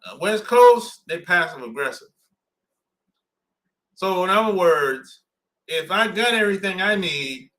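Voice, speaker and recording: Blunt, animated man on a podcast. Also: high-pitched. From southern United States. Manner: animated, blunt and slangy, laughs often. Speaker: podcast host. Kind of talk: casual podcast chat.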